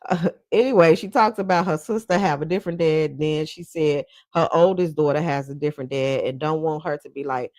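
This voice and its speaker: Woman vlogger, low-pitched, blunt and profane, dry close sound. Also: brisk, a little mellow, no echo. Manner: blunt, profane and chatty, often laughing. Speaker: commentary vlogger. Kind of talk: casual commentary.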